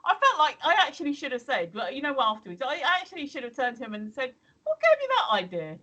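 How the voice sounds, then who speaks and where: A woman's voice: high-pitched, expressive, fast talker, pushed and bright, low-quality recording. An English woman in casual chat on a live stream, rambling and hesitant with many ums. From England. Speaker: stream co-host.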